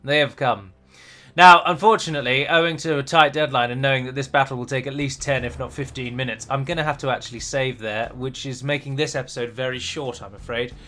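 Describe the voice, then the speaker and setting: A man's voice: mid-range voice, fairly even intonation, fairly quick, pushed and bright. A man hosting a strategy game let's play, chatty and rambling, with restarts and the odd dramatic flourish. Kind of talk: game commentary.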